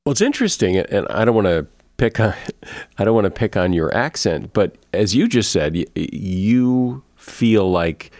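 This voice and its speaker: A man's voice: fairly low pitch, lively intonation, unhurried, darkish tone, no echo, studio quality. A male podcast host asking questions in a conversational way, with some hesitation as he searches for words. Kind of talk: interview questions.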